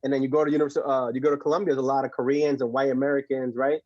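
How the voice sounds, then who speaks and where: A man from Puerto Rico, guest on a podcast, telling stories in animated casual talk with frequent laughs and repeated words. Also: medium pitch, rapid-fire, no room sound, lo-fi sound. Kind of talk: casual conversation.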